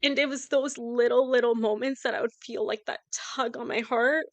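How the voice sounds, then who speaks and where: A woman with a fairly high voice speaks openly and emotionally, close to tears, in a casual podcast chat. The sound is dry and close, with no room around her. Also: fairly even intonation, moderate pace, dry recording, highs cut off. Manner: candid, tearful, speaks of grief with nervous laughs. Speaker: podcast co-host.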